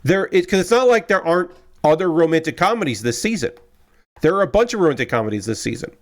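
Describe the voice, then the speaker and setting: A man's voice: on the high side, lively intonation, fast talker. A man live streaming casual chat as he works a jigsaw puzzle, rambling and digressive and answering his chat.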